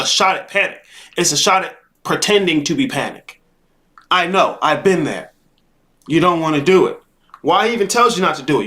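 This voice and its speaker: A man's voice: high voice, a bit bright. A man hosting a live-stream coaching show, talking in an emphatic, repetitive, profane and preachy way. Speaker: life coach host. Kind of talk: live-stream motivational monologue.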